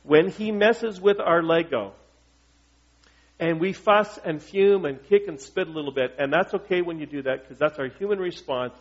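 A man's voice: a little high, normal speed. Conversational male pastor on a muffled recording. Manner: conversational, asks the congregation questions, joking. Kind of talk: sermon. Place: church. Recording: dull lo-fi recording.

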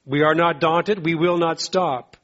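A man preaching a sermon, emphatic and repetitive, rising in pitch when he exhorts the congregation. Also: steady tone, a little slow, fairly bright tone, highs cut off. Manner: emphatic, repeats phrases, rises in pitch to exhort. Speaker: pastor.

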